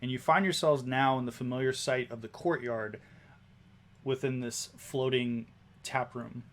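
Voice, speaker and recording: A man's voice: mid-range voice, fairly even intonation, measured pace. A man narrating a tabletop game as game master, describing scenes at an easy pace with small restarts.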